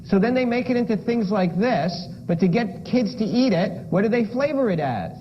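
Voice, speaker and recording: A man's voice: sits high, lively intonation, moderate pace. A man giving a playful lecture with props to a room of listeners, firing questions at the audience. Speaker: lifestyle medicine lecturer. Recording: dull lo-fi lecture recording with noise.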